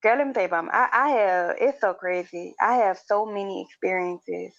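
A woman's voice: medium pitch, brisk, gravelly, a bit bright. A woman co-hosting a podcast, telling a story in loose, slangy casual chat and acting out the people in it. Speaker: podcast co-host. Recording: dry, slightly dull recording.

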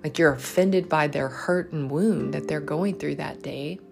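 Woman podcast coach, low voice, gravelly fry, faith-based pep talk, earnest and encouraging, guitar music underneath. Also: measured pace. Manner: earnest, encouraging, addresses listeners as friends. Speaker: life coach and podcast host.

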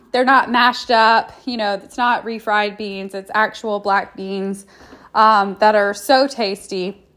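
A young woman chats casually, rambling through a story with plenty of fillers and restarts. Her voice sits a little high for a woman. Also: a bit bright. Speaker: food reviewer. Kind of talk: casual chat.

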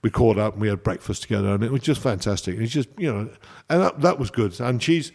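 A man's voice: mid-range voice, fast, vocal fry. A man, a chef, chatting casually and telling rambling anecdotes. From England. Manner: rambling, anecdotal, animated storytelling. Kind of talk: casual chat.

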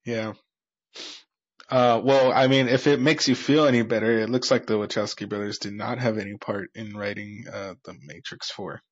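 A man's voice: on the low side, fairly even intonation, normal speed. A man co-hosting a movie podcast in casual chat, easygoing and laughing often. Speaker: podcast co-host. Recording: dry, dull lo-fi audio.

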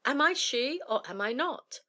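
Woman reader doing a foolish, weepy young woman, pitched up, plaintive and fretful. Storybook. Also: animated, normal speed, pushed and bright, heavily acted. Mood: musing. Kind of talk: storybook reading.

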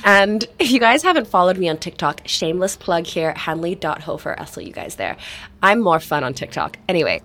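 A woman co-hosting a podcast in casual chat, with an American-leaning mix of Singaporean English, laughing often. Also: brisk. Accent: mixed Singaporean and American-leaning English. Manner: animated, laughs often, high bursts of laughter. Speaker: podcast co-host.

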